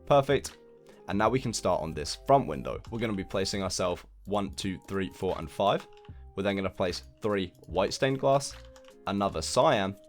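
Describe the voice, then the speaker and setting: A young man with a deep, low voice walks through a building game tutorial in a relaxed, chatty way. He counts blocks aloud and makes light fun of his own skills, with soft music playing faintly under his voice. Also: normal speed. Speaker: Minecraft building tutorial host. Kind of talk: casual gameplay tutorial commentary.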